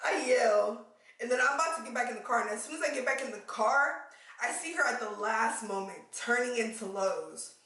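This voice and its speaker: A woman vlogger telling a story to her viewers in casual, animated talk, swearing now and then and calling them y'all. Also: a little high, a little fast, very echoey, distant mic, low-quality recording.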